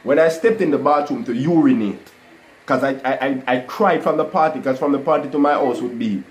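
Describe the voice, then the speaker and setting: A man telling a personal testimony to a live online audience, animated and full of "guys" and "you know". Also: mid-range voice, a little fast, a little hiss or hum, rough recording. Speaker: livestream host telling his testimony.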